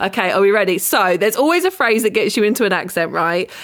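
A woman's voice: medium pitch, lively intonation, quick pace, very noisy. A woman with a southern English accent co-hosting a podcast, bubbly and giggly, swearing freely in casual chat. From southern England. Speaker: podcast co-host.

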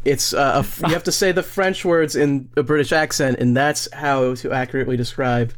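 A man's voice: medium pitch, brisk, hardly any pauses. Dry, sarcastic male podcast co-host. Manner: dry, sarcastic, deadpan quips. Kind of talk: casual comedic podcast chat.

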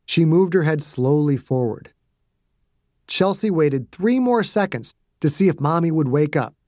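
A man who is the author, narrating his audiobook in a hushed, suspenseful way. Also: fairly high pitch, expressive, unhurried, no room sound, studio quality.

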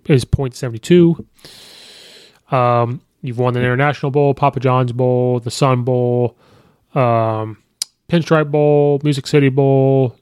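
A man hosts a casual sports podcast in a smooth, resonant voice of middling pitch. He talks in a loose, conversational way, full of ums and you-knows. The sound is dry and close to the mic. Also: darkish tone, no echo. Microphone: podcast microphone.

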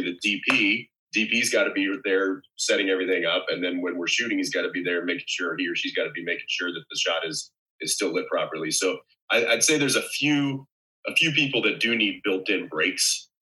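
A man's voice: low-pitched, a little fast, pushed and bright, rough recording. A man, an actor as interview guest, explaining things in long rambling stretches with wry humor. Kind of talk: casual chat.

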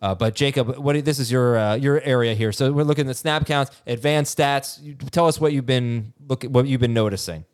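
Man, podcast co-host, casual sports chat, mid-pitched voice, brisk and teasing. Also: a little mellow, no echo, clean studio sound. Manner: brisk, teasing, frequent "uh" fillers. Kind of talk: casual fantasy football chat.

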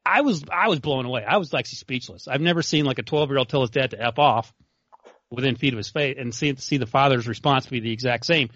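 Relaxed man with a dull, dry sound. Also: mid-range voice, no room sound. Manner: relaxed, laughs easily. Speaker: podcast co-host. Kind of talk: casual chat.

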